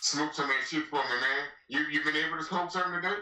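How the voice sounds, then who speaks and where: A man's voice: fairly high pitch, quick pace, bright, forceful tone, echoey room, poor audio. A man hosting a casual talk show, teasing his guests with profane jokes. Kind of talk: casual chat.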